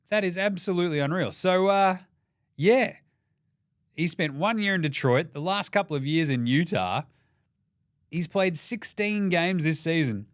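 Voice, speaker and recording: A man's voice: on the high side, no echo, studio quality. A young Australian man hosting a casual basketball podcast, irreverent and sweary, joking through the day's results. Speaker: NBA podcast host. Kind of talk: casual sports commentary.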